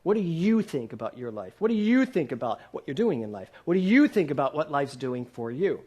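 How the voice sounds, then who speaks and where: In a church hall, a minister in his sixties delivers a sermon in a slightly high, sing-song, husky and somewhat mellow voice, speaking fairly quickly. He poses many questions to the congregation and is playful, laughing at times.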